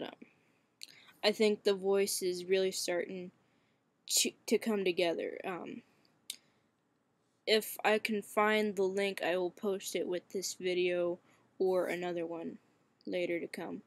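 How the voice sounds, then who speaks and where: Young man, slow and hesitant webcam vlogger, cracking shaky voice, dry close sound. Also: high-pitched, no room sound. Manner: hesitant, many fillers, frequent swearing. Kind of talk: casual webcam vlog.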